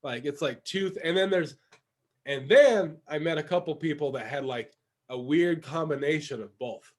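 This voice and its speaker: A man with a fairly high voice, chatting on a casual comedy podcast. He rambles through his story with plenty of fillers and loose asides. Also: normal speed. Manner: rambling with fillers, laughs often.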